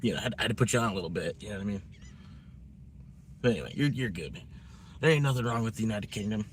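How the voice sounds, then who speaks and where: A man's voice: lowish voice, expressive, racing, a little hiss or hum. A man chatting casually on a live stream, rambling in a laid-back way.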